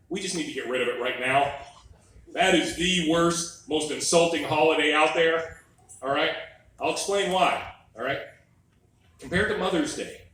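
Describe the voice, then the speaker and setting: High, bright-voiced comedian in echoey room. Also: male voice, a little hiss or hum. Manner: wry, exasperated storytelling with mock quotes. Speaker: stand-up comedian. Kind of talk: stand-up comedy set. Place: comedy club stage. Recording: echoey room recorded from a distance.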